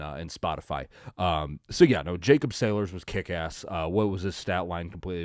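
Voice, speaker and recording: A young man with a deep, low voice talks through a football game on his solo podcast. He rambles and gets excited, with plenty of restarts and fillers. The sound is close and dry, with no room echo. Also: clean tone. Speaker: podcast host. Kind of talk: casual solo sports recap.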